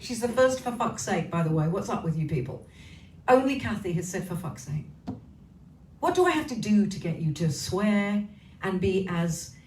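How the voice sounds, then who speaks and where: A woman chatting casually with livestream viewers, cheeky and swearing freely as she hosts from her home. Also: medium pitch. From Wales. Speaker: singer hosting a livestream. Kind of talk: casual chat greeting viewers. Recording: roomy echo, slightly distant mic, faint hiss.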